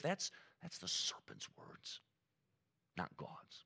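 A man's voice: mid-range voice, huge pitch swings, takes it slowly, vocal fry, pushed and bright, slightly rough. A man preaching a sermon as pastor, earnest and emphatic, mixing teaching with personal stories.

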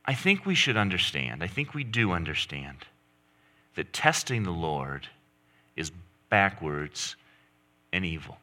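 A man's voice: low-pitched, very animated, unhurried, long pauses, sharp tone. A middle-aged man preaching a sermon, emphatic, pushing his voice up and down to stress points. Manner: emphatic, rising and falling for stress. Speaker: pastor.

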